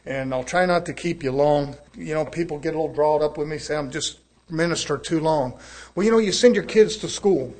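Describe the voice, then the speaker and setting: Man, preacher, sermon, folksy, surging volume, fairly high pitch. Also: a little fast, a little mellow. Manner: folksy, rising and falling in volume, preaching cadence.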